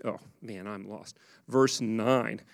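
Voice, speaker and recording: A male pastor in his thirties preaching a conversational, animated sermon that poses questions to the congregation. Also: on the low side, slow, gravelly. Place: church sanctuary. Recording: long hall reverb.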